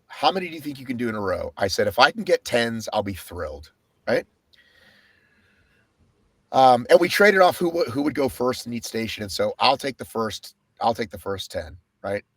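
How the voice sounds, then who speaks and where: Lively, swearing man telling a race story. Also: medium pitch, measured pace, long pauses, no room sound. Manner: animated storytelling, swears a lot. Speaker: podcast co-host. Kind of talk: casual race recap.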